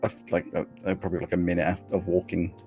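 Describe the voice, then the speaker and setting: A man speaking as a player in a tabletop game, with dry, deadpan remarks. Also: deep voice, very fast, soft background music. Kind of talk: casual tabletop play.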